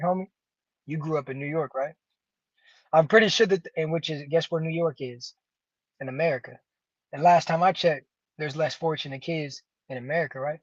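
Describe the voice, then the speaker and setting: High-voiced man in a heated rant. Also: darkish tone, dry recording. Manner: preachy, repeats "homie" and "nigga", builds rhetorically. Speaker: show host. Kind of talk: profane ranting commentary. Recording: dull lo-fi dry sound.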